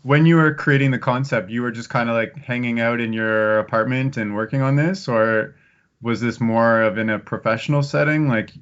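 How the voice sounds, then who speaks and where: A man's voice: medium pitch, fairly even intonation, moderate pace, fairly bright tone, smooth. A man hosting a podcast, asking loose, chatty questions in a casual interview. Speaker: podcast host. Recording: dull lo-fi sound.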